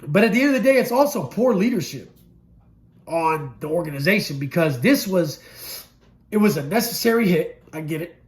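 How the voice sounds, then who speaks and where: Blunt, profane man, fairly high voice. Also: lively intonation, normal speed. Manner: profane, blunt, swings from loud bursts to low murmurs. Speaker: former prisoner telling his story. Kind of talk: candid storytelling interview.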